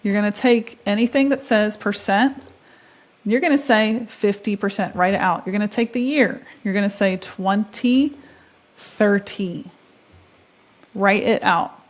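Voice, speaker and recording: A woman in her thirties hosts a casual software tutorial. She sounds chatty and upbeat, thinking aloud while she clicks. Her voice sits in the middle range. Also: medium pitch, a little slow. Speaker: tutorial host. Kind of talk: casual screen-share tutorial.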